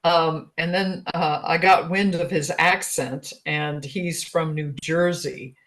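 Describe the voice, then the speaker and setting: A woman in her sixties, a guest relationship expert, telling a personal story in a chatty, animated way, laughing often. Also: low-pitched, slow. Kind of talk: casual storytelling in an interview.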